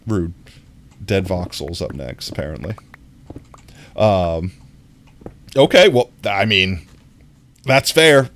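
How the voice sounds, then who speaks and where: A young man with an American accent and a somewhat low voice talks casually to his stream chat. He rambles, restarts his sentences and laughs between thoughts. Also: big pitch swings, takes it slowly, long pauses, a bit bright, a little hiss or hum.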